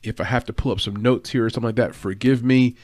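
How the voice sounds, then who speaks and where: A man's voice: mid-range voice, steady tone, quick pace, darkish tone, no room sound. Dry-voiced man hosting a fight-picks show. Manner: hyped, emphatic and punchy in the picks; loose, rambling and conversational. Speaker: host giving fight picks and betting tips. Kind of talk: casual podcast breakdown. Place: home office at a computer. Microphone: desk mic, no edits.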